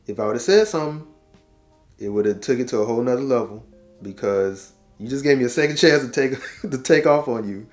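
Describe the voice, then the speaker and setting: A man in his forties spins a casual advice story, acting out each line of dialogue and dropping in easygoing slang. His voice sits at an ordinary middle pitch. Faint guitar music plays softly underneath. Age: 40s. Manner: animated storyteller, quotes dialogue, laughs at himself; conversational, uses slang and repetition. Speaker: relationship talk host.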